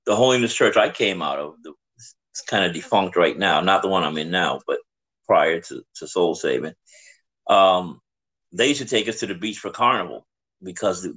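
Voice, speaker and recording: A man's voice: low voice, fairly bright tone, low-quality recording. A man hosting a podcast, telling stories and reflecting aloud in a casual conversation. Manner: reflective storyteller. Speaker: podcast host.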